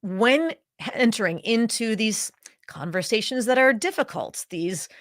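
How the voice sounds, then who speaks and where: A woman's voice: fairly high pitch, lively intonation, dry recording. Emphatic woman voice coach, dry sound. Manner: emphatic, deliberate, demonstrates vocal habits. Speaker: executive voice coach. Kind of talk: coaching presentation to leaders.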